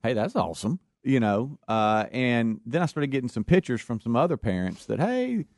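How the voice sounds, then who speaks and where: A man's voice: medium pitch, normal speed, no room sound, studio quality. A middle-aged man, telling a family story casually as a radio co-host. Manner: folksy, animated storyteller acting out quotes.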